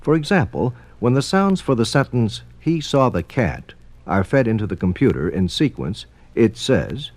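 A man's voice: mid-range voice, sing-song, moderate pace, darkish tone, no echo. Formal male documentary narrator. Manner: formal, explanatory. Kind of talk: scripted narration.

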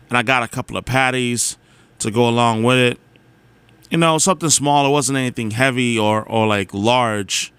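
A young man telling a long everyday story in a casual, animated way, exasperated and self-mocking, with lots of "like" and "you know.". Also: mid-range voice, clean tone, no room sound.

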